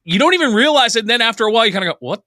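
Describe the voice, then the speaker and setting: A bright-voiced man with a New Jersey accent hosts a casual interview podcast. He talks in a chatty, animated way and laughs easily. His voice sounds dry and close to the mic. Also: very high voice, rapid-fire, no room sound. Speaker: podcast host.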